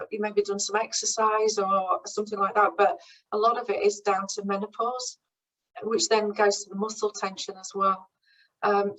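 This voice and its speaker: A woman in her forties talks frankly and informally, hesitating with ums and restarting sentences as she shares her own experience. Her voice sits at an ordinary middle pitch. She is picked up from a little way off the mic. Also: a bit bright. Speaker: speaker at a branch meeting. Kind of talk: informal talk from personal experience. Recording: voice somewhat far from the mic.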